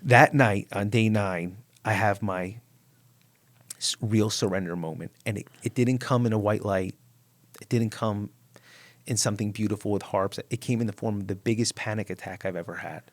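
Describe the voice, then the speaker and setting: A man from New Jersey, a podcast guest, telling a personal story in an animated, emphatic way and swearing freely. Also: on the low side, moderate pace, no room sound.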